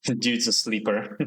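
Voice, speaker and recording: A man streaming a story game, reading the narration aloud and adding relaxed, joking asides. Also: mid-range voice, poor audio.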